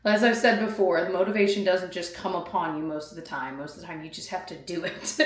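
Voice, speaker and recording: A woman in her thirties chatting casually to camera as a vlogger, rambling with fillers and quick laughs. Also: lowish voice, steady tone. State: out of breath.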